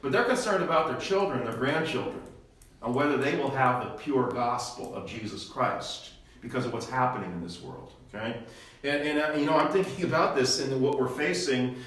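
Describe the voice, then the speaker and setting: In a church classroom, an older man leading Bible study speaks at medium pitch and a moderate pace, his tone a bit bright. He teaches with rhetorical questions, often tacking on "okay?". The recording comes from a far-off mic in an echoey room.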